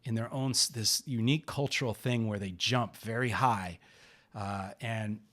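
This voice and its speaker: A middle-aged man hosting a podcast, narrating a personal story in an unhurried, rambling way with many pauses and restarts. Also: on the low side, a bit bright. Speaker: podcast host.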